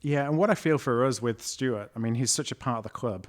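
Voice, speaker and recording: A man co-hosting a casual podcast, speaking in a measured, thoughtful way with occasional fillers. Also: mid-range voice. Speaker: podcast co-host, football supporter.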